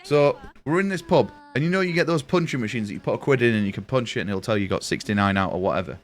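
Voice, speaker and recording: A man's voice: medium pitch, animated, very fast. A young man streaming a game live, rambling and swearing as he tells stories to friends. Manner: rambling, swears, chatty storyteller. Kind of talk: casual live-stream chat while gaming.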